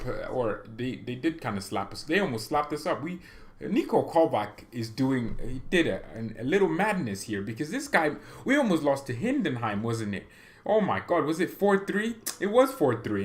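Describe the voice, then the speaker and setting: Rambling young man hosting a fan stream. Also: fairly high pitch. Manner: rambling, stammering, laughs often, reads chat aloud. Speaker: fan channel host. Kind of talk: casual livestream chat.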